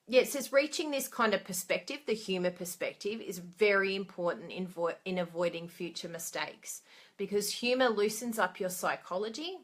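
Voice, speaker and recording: A woman's voice: medium pitch, moderate pace. A woman giving a casual motivational talk to camera, chatty and encouraging, laughing at herself and asking her listeners questions. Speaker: trainer for craft product demonstrators.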